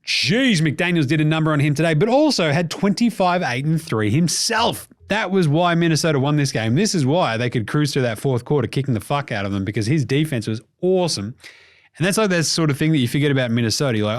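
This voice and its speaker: A man with an Australian accent hosting a casual sports podcast, jokey and animated, swearing freely. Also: fairly high pitch, fast talker. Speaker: podcast host.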